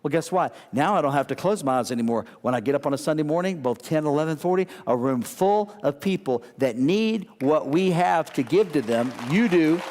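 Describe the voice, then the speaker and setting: High-voiced animated preacher man. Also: fairly quick, hardly any pauses, big-room sound. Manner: animated, repetitive preaching with call-and-response. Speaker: pastor. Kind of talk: sermon.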